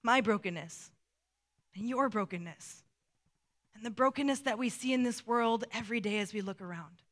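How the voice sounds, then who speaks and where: A woman preaching a sermon, earnest, dropping soft and slow when she quotes scripture. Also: medium pitch.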